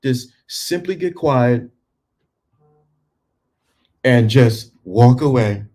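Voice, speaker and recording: Male motivational speaker, mid-pitched, emphatic, with quiet calm stretches. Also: extremely slow. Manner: emphatic, swings from punchy to hushed and calm. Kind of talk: motivational talk to men.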